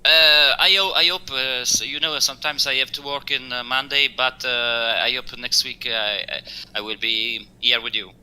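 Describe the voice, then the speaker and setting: Bright, crisp man. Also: mid-range voice, steady tone, poor audio. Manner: halting, searching for English words with many fillers. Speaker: race driver guest. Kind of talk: post-race interview over voice chat.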